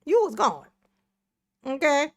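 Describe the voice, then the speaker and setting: Woman, high-pitched, sassy commentary, dry close sound. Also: very animated, slow, no room sound. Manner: sassy, profane, laughs often. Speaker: reaction channel host. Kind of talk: casual commentary on a clip.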